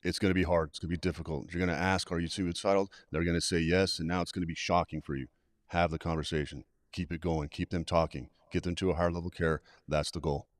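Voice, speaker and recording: A man's voice: deep voice, fairly even intonation, quick pace, no room sound. A middle-aged man giving direct, practical guidance as a guest trainer on a live webcast. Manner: direct, plain-spoken, practical. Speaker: suicide prevention trainer, guest.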